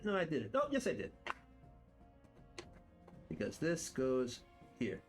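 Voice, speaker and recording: A man's voice: a little high, wildly swooping pitch, slow, faint music behind. A man streaming live, chatting playfully to himself and to viewers as he builds game terrain, boasting in fun. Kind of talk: casual live-stream chat while building. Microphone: desk mic with headphones.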